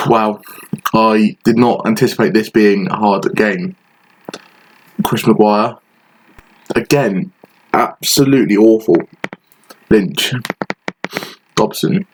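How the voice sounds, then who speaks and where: A man's voice: lowish voice, takes it slowly, pauses often, a little hiss or hum, poor audio. A man giving frustrated, sarcastic play-by-play commentary over a football management game he is playing. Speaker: gaming channel host.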